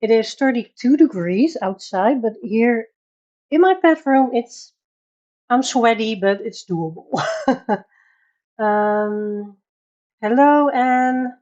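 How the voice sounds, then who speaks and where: Dutch-accented woman, relaxed unhurried livestream host, chatty with frequent laughs, dull lo-fi sound. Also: on the high side. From Netherlands. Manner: chatty, laughs often, greets viewers by name. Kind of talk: casual livestream chat. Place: home bedroom.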